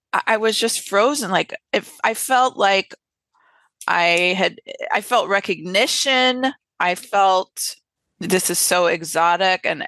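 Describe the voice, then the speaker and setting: A woman's voice: medium pitch, fairly bright tone, no echo. A woman from North America hosting an interview, chatty and enthusiastic, repeating herself as she talks. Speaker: podcast host, interviewer. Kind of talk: casual interview chat.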